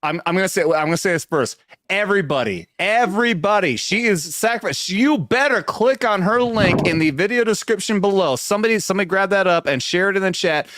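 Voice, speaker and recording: A man's voice: high-pitched, lively intonation, brisk, fairly bright tone. A man hosting a podcast, chatting casually, teasing his guest and hyping up the audience with crude jokes. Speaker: podcast host.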